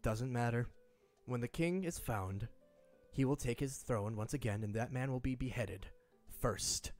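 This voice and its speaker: A man voicing a stern, contemptuous male commander who speaks slowly and low. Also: a little mellow, soft background music, lightly acted. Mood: cold. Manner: slow, measured, low and clipped.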